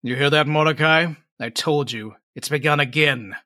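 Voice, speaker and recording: A man voicing a tall, gruff, bearded male hunter who is friendly but wary. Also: fairly high pitch, moderate pace, sharp tone. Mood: grim.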